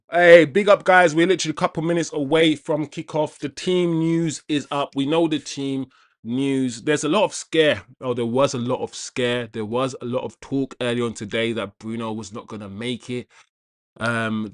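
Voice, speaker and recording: A man's voice: mid-range voice, no room sound. Man, football watch-along host, casual live-stream chat, repeats himself, dry close sound. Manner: chatty, repeats himself, greets viewers by name.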